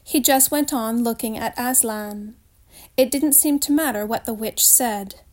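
A woman's voice: a little high, measured pace, darkish tone. Woman reading a storybook aloud.

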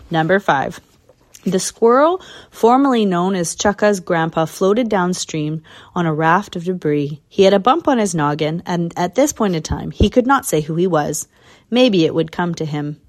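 A woman narrates a storybook aloud, her voice a little low and calm. She reads evenly, chapter by chapter. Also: normal speed.

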